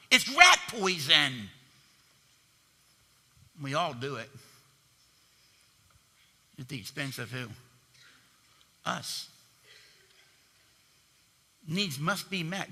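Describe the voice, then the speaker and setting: High, bright-voiced preaching man. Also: big-room sound. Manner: animated, emphatic preaching with call-and-response questions. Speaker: pastor. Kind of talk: sermon. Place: church.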